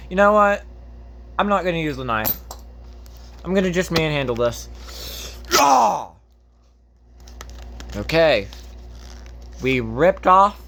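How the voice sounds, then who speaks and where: A man chatting loosely through an unboxing, his voice sitting a little high for a man. He rambles, cracks jokes, wanders off topic and swears casually along the way. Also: fairly bright tone, a little hiss or hum. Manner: rambling and jokey, goes off on tangents. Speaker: host.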